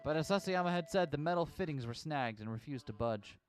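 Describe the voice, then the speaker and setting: A man narrating a game on stream with an animated, wide-ranging delivery. His voice is fairly high, and soft music plays behind him. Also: fairly quick. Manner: expressive narration with amused asides. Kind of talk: reading a visual novel aloud on stream.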